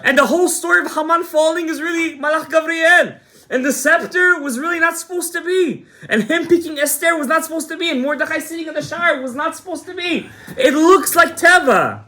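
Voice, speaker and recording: A man's voice: very high voice, a little fast, pushed and bright. A man rabbi telling a story to a class, asking the room questions and answering them himself. He drops Hebrew terms into the telling and acts out the dialogue as he goes. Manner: retells scenes with quoted dialogue, sprinkled with Hebrew terms.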